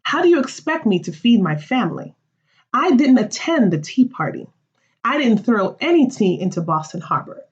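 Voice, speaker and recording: A woman's voice: a little high, big pitch swings, moderate pace, husky. A woman reading the lines of a defensive, greedy colonial merchant in a school play, in a slightly muffled recording.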